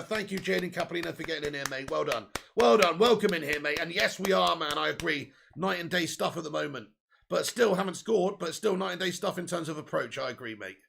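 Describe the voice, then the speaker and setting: A man hosting a live football watch-along, chatty and excitable, swearing freely and reading out viewer comments. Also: a little high, quick pace, creaky, a little hiss or hum. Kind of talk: casual live match commentary.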